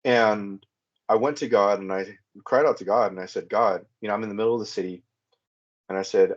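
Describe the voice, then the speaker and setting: A middle-aged man giving a hesitant, halting personal testimony as a caller on a podcast. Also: fairly low pitch. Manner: hesitant, halting, many restarts and fillers. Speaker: returning caller. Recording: muffled lo-fi sound.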